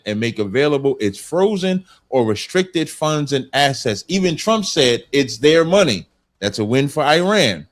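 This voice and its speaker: A male panelist in a debate, insistently reading news items aloud and repeating a refrain after each point. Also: mid-range voice.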